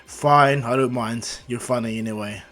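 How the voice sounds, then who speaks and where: A man voicing a tired, gruff grown-up hero who speaks curtly. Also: mid-range voice, normal speed, faint music behind, close to an everyday voice. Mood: dry. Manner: flat, weary, curt.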